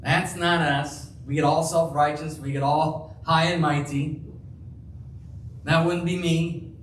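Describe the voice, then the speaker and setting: A man preaching a sermon as pastor, slow and emphatic, acting out the quoted lines. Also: high voice, a bit bright, a little hiss or hum. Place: church. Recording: roomy, distant church sound with faint ambience.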